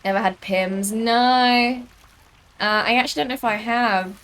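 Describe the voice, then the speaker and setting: A woman's voice: a little high, fairly even intonation, moderate pace, a bit bright, a little hiss or hum. A young British woman streaming a game, chatting casually and rambling with lots of fillers. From United Kingdom. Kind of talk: casual gaming chat.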